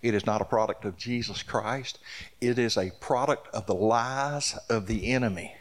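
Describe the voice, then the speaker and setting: A man's voice: on the low side, normal speed. Folksy preacher man. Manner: folksy, builds to fervent emphatic delivery. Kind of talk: sermon storytelling.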